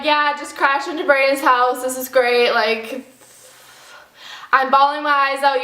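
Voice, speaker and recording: A young woman telling a dramatic storytime vlog, acting out the quotes with animated flair. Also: high-pitched, roomy sound. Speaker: vlogger.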